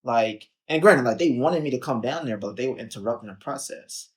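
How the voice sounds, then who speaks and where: A young Chicago man appears as a podcast guest, telling his story in a loose, animated style with acted-out quotes and plenty of "like" and "um." His voice is mid-range and runs a little fast.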